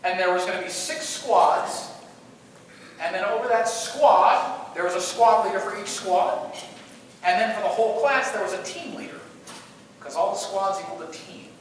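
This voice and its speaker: A man giving a conference keynote as an animated, self-mocking storyteller, recorded from a distance in a large echoey hall. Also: high-pitched, normal speed. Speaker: conference speaker. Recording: echoey hall from far off with faint noise.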